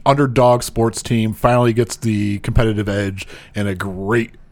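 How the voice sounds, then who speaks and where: A man's voice: fairly low pitch, flat delivery, normal speed. A man co-hosting a casual movie podcast, joking and laughing often. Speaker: podcast co-host. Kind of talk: casual movie review chat.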